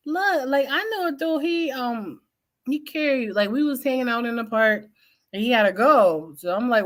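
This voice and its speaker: A woman co-hosting a casual chat show, telling lively stories and laughing often. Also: medium pitch, normal speed. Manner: animated storytelling, laughing often. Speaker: co-host.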